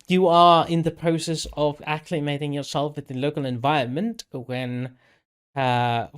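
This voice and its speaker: A man runs a tabletop game, speaking slowly and haltingly. He often stops to search for words while he describes the scene. His pitch sits in an ordinary middle range. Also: clear, resonant tone. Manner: slow and hesitant, many pauses and fillers. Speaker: game master.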